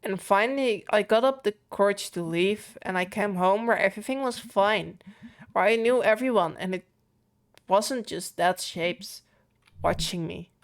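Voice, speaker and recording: A woman reading the lines of an anxious young woman who dropped out of college, speaking in a halting, fearful way. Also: mid-range voice, lightly acted.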